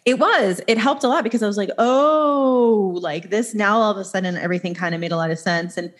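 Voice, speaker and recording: A woman in her thirties hosts a podcast in a loose, conversational way. She is chatty and animated as she tells stories, and she laughs often. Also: mid-range voice, racing.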